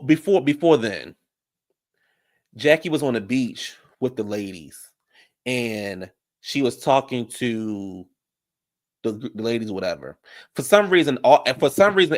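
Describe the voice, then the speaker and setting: A man casually recapping reality TV drama in an animated, profane storytelling manner, jumping up high when he quotes the women. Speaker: reality TV commentator.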